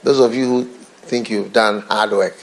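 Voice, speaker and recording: A bishop preaches a sermon, sinking to low murmurs and whispers before climbing into excited, lively preaching. His creaky voice moves at a normal pace.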